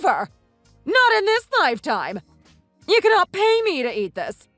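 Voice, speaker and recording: A woman's voice: extremely high pitch, huge pitch swings, moderate pace, fairly bright tone, no room sound, soft background music, full character voice. A woman voicing a snobbish, spiteful young woman in a voiced texting story, with haughty, sneering outbursts. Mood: scornful.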